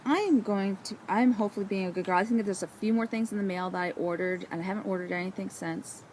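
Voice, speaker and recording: A woman hosting a knitting vlog outdoors, chatting casually in a bubbly, excitable way. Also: mid-range voice, fast, a little hiss or hum. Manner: bubbly and excitable, with frequent laughs. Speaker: knitting vlogger. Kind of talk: casual chat.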